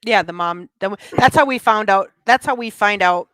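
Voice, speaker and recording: A woman's voice: medium pitch, moderate pace, fairly bright tone, no room sound. A woman guest on a movie review podcast, chatting and laughing about a film. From small town. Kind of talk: casual movie review chat.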